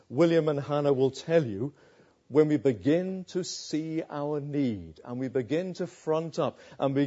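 A man's voice: on the high side, warm tone, husky, lo-fi sound. A man preaching a sermon in an emphatic way, often asking rhetorical questions.

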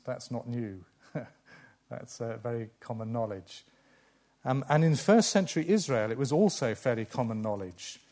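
A man preaching an expository sermon in a conversational way, asking the listeners questions and dropping from loud emphasis to quiet asides. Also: mid-range voice.

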